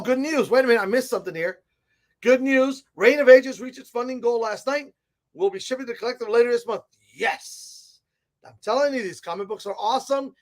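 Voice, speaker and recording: A man hosting a casual gaming-store segment, chatty and excitable as he shows off products, with frequent asides, recorded inside a comic and game shop. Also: high voice. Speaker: host of a tabletop gaming segment.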